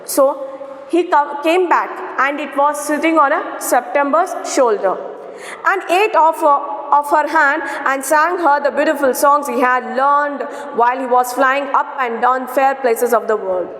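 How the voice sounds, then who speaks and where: A woman's voice: high-pitched, unhurried, fairly bright tone. A woman English teacher reading a story passage aloud and then explaining it in simple words, often checking in with "okay". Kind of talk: explaining a story text line by line. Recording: echoey room with long reverb.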